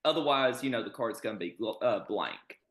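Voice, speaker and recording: Enthusiastic man, mid-pitched, casual stream guest, roomy echo. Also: lively intonation, fairly quick, fairly bright tone. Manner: enthusiastic, laughs often. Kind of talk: casual chat.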